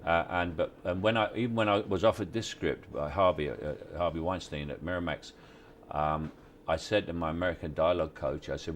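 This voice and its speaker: A man, giving relaxed, halting interview answers on location at a film set, with many restarts and wry chuckles. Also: deep voice, slight background noise. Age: 60s. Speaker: actor interviewee.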